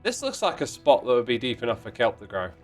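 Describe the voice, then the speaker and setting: An animated, playful male host streams a block-building game, reading viewer messages in casual chat with mock indignation and plenty of exclamations. He talks fast at a medium pitch, with faint music behind him.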